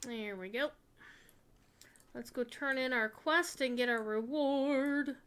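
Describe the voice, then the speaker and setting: A woman's voice: high voice, slow, fairly bright tone, clean tone. A woman streaming a video game, chatting casually with her viewers. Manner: chatty, talks to her chat, swears casually. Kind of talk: casual gaming commentary.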